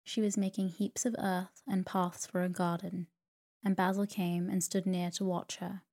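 A woman narrating a sleep story in a slow, soothing reading voice. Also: lowish voice, level tone, dark tone.

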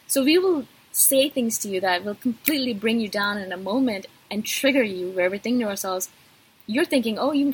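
A woman's voice: fairly high pitch, breathy edge, poor audio. A woman vlogger talking straight to her viewers in an intense, passionate way. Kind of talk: direct-to-camera talk.

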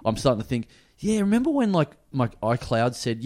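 A man hosting a podcast, telling a story in a casual, sweary, animated way and acting out every voice in it. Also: mid-range voice, quick pace, hardly any pauses. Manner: animated, sweary, acts out both sides of a story. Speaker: podcast host.

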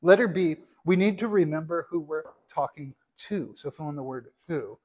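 A man's voice: a little high, normal speed, darkish tone, breathy edge. A man preaching a sermon as a pastor, earnest and teaching, with frequent rhetorical asides.

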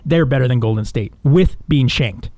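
A man's voice: mid-range voice, normal speed, a little mellow, no echo. A man co-hosting a podcast, chatting loosely, often laughing and acting out quoted lines. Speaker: podcast co-host. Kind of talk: casual chat.

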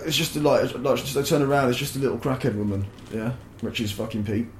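A man's voice: mid-range voice, quick pace, a little hiss or hum. Young man, casual swearing storyteller, roomy echo on the recording. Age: young adult. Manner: sweary, rambling, animated. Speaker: podcast guest.

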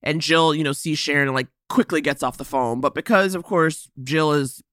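A woman chats with a co-host about a movie she has just seen. Her voice is bright and forceful, and the sound is dry and close. She talks animatedly and slips into quick impressions of the characters. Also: low voice, dry recording. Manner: animated, quotes characters in put-on voices, laughs often. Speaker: podcast co-host. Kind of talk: casual chat recapping a movie.

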